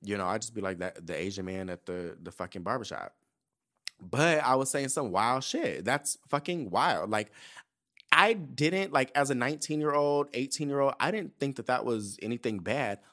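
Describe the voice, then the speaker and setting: A man, chatting on a podcast. He talks in a loose, profane, animated way at a middle pitch and slips into the voices of people he quotes. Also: moderate pace. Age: 30s. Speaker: podcast host. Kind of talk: casual chat.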